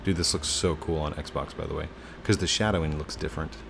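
Deep-voiced, playful male gaming host. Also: fairly even intonation, brisk, vocal fry, background noise. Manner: chatty and playful, teasing and laughing often. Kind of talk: casual gameplay commentary.

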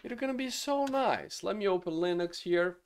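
A man, a solo game engine developer, ranting in exasperation about his code, swearing and bursting out loudly. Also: high voice, lively intonation, normal speed, clear, resonant tone. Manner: exasperated and swearing, loud outbursts. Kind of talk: frustrated coding rant.

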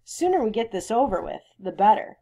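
A woman's voice: a little high, very animated, fairly quick, warm tone, pitched above the performer's own voice. A woman reading the part of a principled small-town lawyer and father, earnest, firm and courteous.

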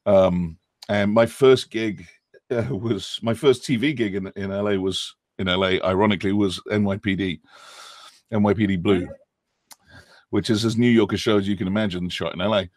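A middle-aged British man with a lowish voice talks animatedly in a podcast interview, now and then dropping into playful put-on accents. The sound is close and dry, with almost no room around him. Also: steady tone, normal speed, darkish tone, no echo. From England. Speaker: guest actor.

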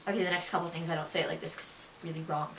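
A woman's voice: sits low, fairly even intonation, rapid-fire, slight background noise. A woman from Buffalo with a Buffalo accent, chatting casually and giggling often as she shows off regional words. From Buffalo, New York. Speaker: vlogger. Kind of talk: casual chat. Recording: roomy echo, mic far off.

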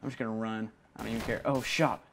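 A man's voice: lowish voice, fairly even intonation, fast talker, vocal fry, slight background noise. A young man playing as a guest, chatting casually with wry jokes during the game. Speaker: guest player. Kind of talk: casual gameplay chat.

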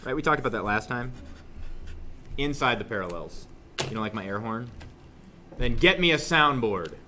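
A young man teaching a math class, joking with students and suddenly yelling for effect, recorded in a classroom. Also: medium pitch, moderate pace, slight background noise. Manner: joking, animated, shouts suddenly. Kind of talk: classroom lesson.

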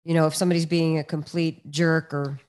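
A woman co-hosting a podcast, easygoing in casual chat and quick to laugh. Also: deep voice, flat delivery, darkish tone. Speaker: podcast co-host.

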